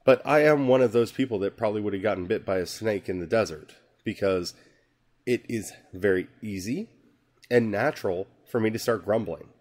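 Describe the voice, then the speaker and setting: A man hosting a podcast, reading a scripture passage slowly and musing on it in an earnest, conversational way. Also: lowish voice, a little mellow. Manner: slow, earnest, musing aloud. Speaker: podcast host. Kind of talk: reflective scripture talk.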